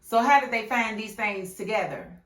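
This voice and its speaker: Chatty animated woman recapping a TV show. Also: fairly high pitch, moderate pace, far from the mic. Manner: animated, laughs often and acts out scenes in voices. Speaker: YouTube TV reviewer. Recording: echoey room, a bit off-mic.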